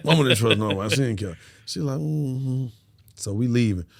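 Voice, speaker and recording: A man's voice: on the low side, fast talker, creaky. A man, a podcast guest telling a story in casual slang and acting out every voice. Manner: animated, slangy, acts out every voice.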